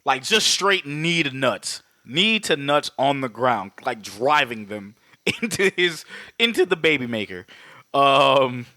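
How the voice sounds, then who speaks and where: A man co-hosting a podcast, excitedly recapping a movie fight with lots of swearing, laughter and acted-out quotes. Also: medium pitch, slow pace, no echo, studio quality. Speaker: podcast co-host. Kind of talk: casual profane movie recap.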